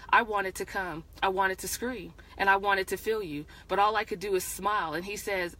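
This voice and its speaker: A woman's voice: mid-range voice, normal speed, hardly any pauses, sharp tone. Woman reading her own story, with restarts. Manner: hesitant, frequent restarts while reading. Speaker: author reading her book.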